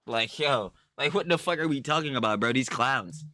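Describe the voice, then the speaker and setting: A man's voice: medium pitch, normal speed, pushed and bright, no echo. A man doing casual reaction commentary, ranting in a profane, rambling, slangy way. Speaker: commentary YouTuber.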